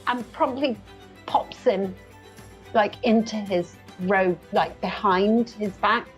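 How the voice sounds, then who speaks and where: A woman at an ordinary middle pitch describes what her character does in a loose, rambling way. She fills her sentences with casual likes and ums. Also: slow, faint music behind, poor audio. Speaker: player. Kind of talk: narrating own character's actions.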